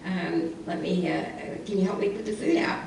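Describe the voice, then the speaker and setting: A woman voicing a patient, hardworking mother who asks gently for help, heard in an echoey church hall from a distance. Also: on the low side, moderate pace, vocal fry, a little hiss or hum. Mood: gentle.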